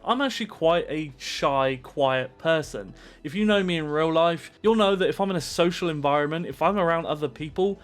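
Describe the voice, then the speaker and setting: A man's voice: a little high, moderate pace, hardly any pauses. Upbeat man vlogging advice. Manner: animated, pumped-up presenter energy. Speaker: Twitch streamer giving advice. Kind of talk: energetic direct-to-camera advice vlog.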